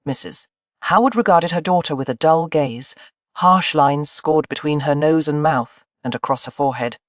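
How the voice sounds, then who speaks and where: An audiobook narrator reading a historical romance in an even, measured way. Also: mid-range voice, no echo, clean studio sound. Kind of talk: scripted narration.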